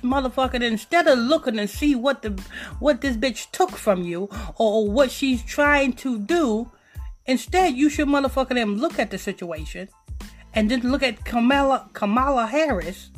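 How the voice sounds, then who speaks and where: A woman hosting a podcast, ranting in a profane, rambling, preachy way. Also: sits high. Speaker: podcast host. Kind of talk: casual podcast rant.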